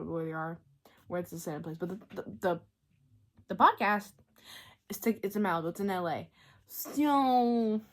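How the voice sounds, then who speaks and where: A woman giving a casual book talk as a vlogger, ranting in an animated, exasperated way with lots of fillers and bursts of laughter. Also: mid-range voice. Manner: breaks into laughter.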